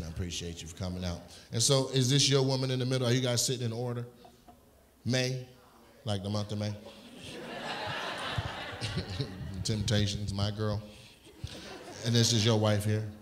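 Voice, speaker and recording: A male stand-up comedian doing crowd work, loudly teasing audience members and often breaking into shouts and laughter. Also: medium pitch. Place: comedy club stage. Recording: echoey club room with audience noise.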